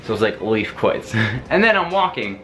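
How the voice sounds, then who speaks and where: A young man telling a story in a casual, animated way, laughing often and swearing freely. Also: on the high side, fast talker, a little hiss or hum. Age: young adult. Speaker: vlogger.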